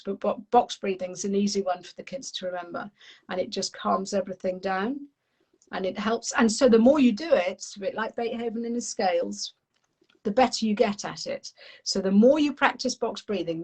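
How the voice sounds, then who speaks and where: A woman, a parenting coach, explaining calmly in an animated, friendly conversational way. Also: medium pitch, breathy edge, rough recording. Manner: animated, acts out little voices, friendly teaching tone.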